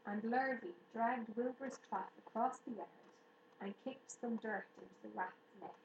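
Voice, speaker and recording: A woman narrating an audiobook in a steady, even storytelling manner. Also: a little high, measured pace, muffled recording. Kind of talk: audiobook reading. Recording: roomy room echo, faint hiss.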